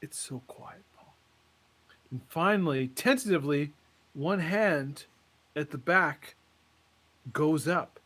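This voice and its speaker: High-voiced man telling a comic story. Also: fairly bright tone. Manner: dramatic storyteller with suspenseful pauses. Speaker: podcast co-host.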